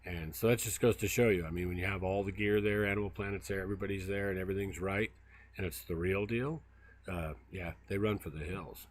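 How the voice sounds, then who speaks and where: A man's voice: sits low, fairly even intonation, a little fast, a little hiss or hum. A man hosting a casual outdoor livestream, telling stories in a rambling way with lots of fillers while he walks through brushy woods by a river. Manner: rambling storyteller, many fillers. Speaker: field researcher and livestream host. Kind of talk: casual walk-and-talk livestream.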